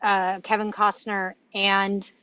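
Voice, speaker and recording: A woman's voice: mid-range voice, level tone, slow, pushed and bright, clean tone, dry recording. A woman hosting a casual table-read chat, talking enthusiastically and rambling about films. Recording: dull lo-fi sound.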